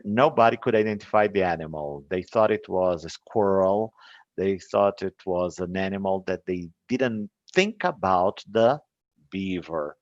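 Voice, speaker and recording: A man's voice: lowish voice, no echo, dull audio. Brazilian man recounting an English lesson. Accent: Brazilian Portuguese. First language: Portuguese. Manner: relaxed, chatty, with frequent fillers and little laughs. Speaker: English teacher.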